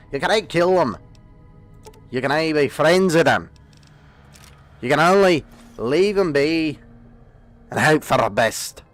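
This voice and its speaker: Solemn slow Scotsman, a man trying out a loud put-on brogue, faint game music. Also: a little high, pitched above the performer's own voice.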